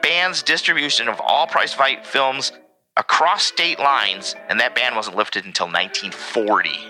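A man's voice: medium pitch, a little slow, over music, rough recording. A man co-hosting a casual podcast, reading a history segment with joking asides. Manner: animated, reads facts with joking asides. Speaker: podcast co-host.

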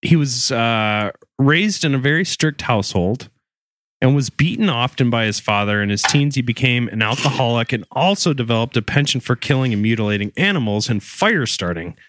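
A man's voice: medium pitch, expressive, moderate pace, fairly bright tone, no echo. A man hosting a podcast, telling a true crime story in casual chat, joking and swearing as he goes. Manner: profane and joking. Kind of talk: casual chat, comedic retelling.

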